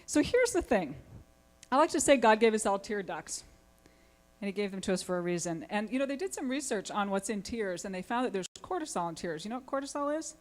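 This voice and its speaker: A woman speaks at a conference as a family therapist, animated and conversational. She keeps throwing questions at her listeners and answering them herself. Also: medium pitch, brisk. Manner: animated, asks the audience many questions. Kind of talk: lively conference talk to an audience. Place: conference hall.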